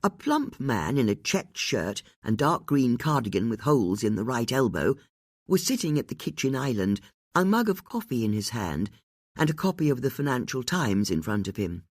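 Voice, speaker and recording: Husky, lively audiobook narrator. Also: mid-range voice, moderate pace, no room sound, studio quality. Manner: expressive, varied reading. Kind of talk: scripted narration.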